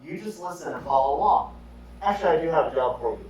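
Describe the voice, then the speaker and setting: A man teaching a remote music lesson, leading students through rhythms in slow, patient call and response. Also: a little high, lively intonation, darkish tone. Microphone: camera set away from him. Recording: echoey room, far from the mic.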